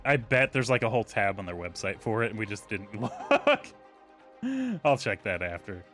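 A man's voice: on the low side, expressive, normal speed, fairly bright tone, soft background music. A man hosting a casual podcast, joking around with his co-hosts before wrapping up the episode. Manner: joking, wraps up plainly. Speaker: podcast host.

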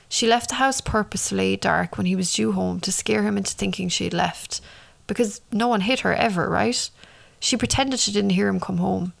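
A woman tells a true-crime story with a gravelly, creaky edge to her voice. Her pitch sits in the middle, and she reads at a measured pace, slowing down for the dramatic beats. Now and then she breaks off to comment on the story. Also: fairly bright tone. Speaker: narrator and commentator.

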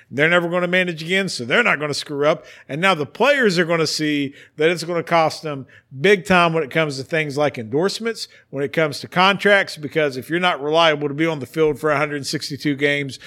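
A man hosting a casual sports podcast, ranting with animated, theatrical emphasis. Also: on the high side. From West Virginia. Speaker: podcast host.

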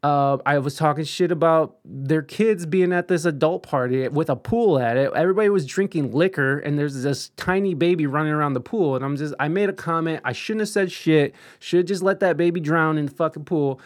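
A man's voice: a little high, fairly quick. A young man in casual chat, telling a story with lots of swearing, restarts and self-deprecating humor.

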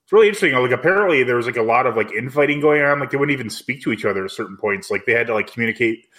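A man's voice: mid-range voice, lively intonation, rapid-fire, a bit bright. A man co-hosting a podcast, chatting casually and rambling with lots of "like" fillers. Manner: rambling, filler-heavy with frequent "like". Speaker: podcast co-host. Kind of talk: casual chat.

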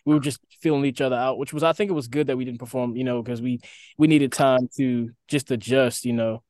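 A young man in a mid-range voice answers in a relaxed, rambling way. The recording is dry and close. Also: mid-range voice, brisk, no echo. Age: young adult. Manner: relaxed, rambling, lots of fillers. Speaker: band member, guest. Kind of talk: casual interview answers.

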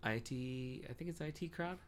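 A young man co-hosts a casual podcast, rambling through stories and swearing a lot. His medium-pitched voice moves at a normal speed, with slight background noise in the recording.

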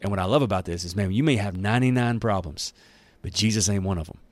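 Low-voiced folksy Bible teacher, a man. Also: quick pace, dry recording. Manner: folksy and slangy, conversational. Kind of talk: casual Bible teaching and reading.

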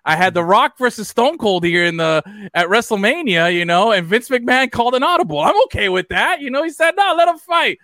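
A man riffs on a casual sports podcast, cursing and tripping over his own restarts. His voice sits high and bright with a crisp edge. The sound is dry and close. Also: brisk, few pauses, no echo. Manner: animated, swearing, restarts sentences. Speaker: podcast co-host.

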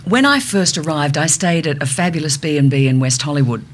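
A British woman with a slightly low voice, chatting as a guest on a talk show. She tells lively, funny stories and keeps slipping into other accents. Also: fairly quick, slight background noise. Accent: British English. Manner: animated storyteller, slips into put-on American and Australian voices. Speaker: actor and comedian guest. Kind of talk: casual chat.

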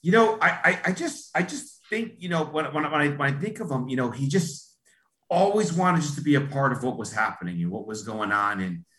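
A man being interviewed on a podcast, talking in a halting, reflective way as he searches for words. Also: fairly high pitch, very animated, bright, forceful tone, echoey room. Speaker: interview guest. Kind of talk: casual interview talk.

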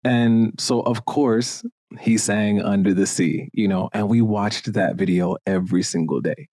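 A man's voice: fairly low pitch, measured pace, dry recording. Man from Jamaica, dry close sound. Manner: animated and opinionated, with frequent fillers. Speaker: podcast host. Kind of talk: casual chat.

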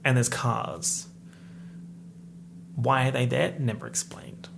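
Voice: mid-range voice, takes it slowly, creaky, background noise. A movie reviewer giving a comedic rant in a sarcastic, exasperated manner, swearing freely.

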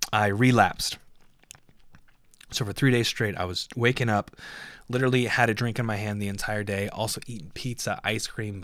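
A man hosts his own podcast alone, delivering a casual, rambling monologue packed with jokes and swearing. His voice is fairly low and a bit bright, captured as clean studio sound with no room sound.

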